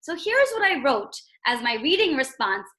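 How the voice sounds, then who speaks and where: A woman's voice: high voice, normal speed. A woman teacher reading a storybook aloud and explaining it, asking the listener questions as she goes. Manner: expressive, asks the listener questions. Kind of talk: read-aloud lesson.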